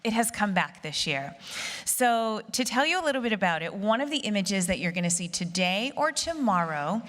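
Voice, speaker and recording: A woman's voice: mid-range voice, big pitch swings, moderate pace, a bit bright. A woman hosting a live photography competition broadcast, making conversational, upbeat announcements. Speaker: competition host. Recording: long hall reverb.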